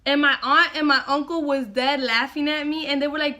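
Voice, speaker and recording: A young woman recounts a story to her followers in a casual vlog. Her voice sits high and sounds bright, and she talks in an animated way, dropping "bro" into her sentences. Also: a little fast, few pauses. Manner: animated, slangy, says "bro" often. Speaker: vlogger.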